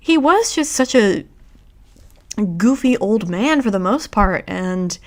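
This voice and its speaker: A woman hosting a casual livestream, talking in a halting, reflective way with frequent restarts. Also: medium pitch, lively intonation, darkish tone. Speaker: streamer host.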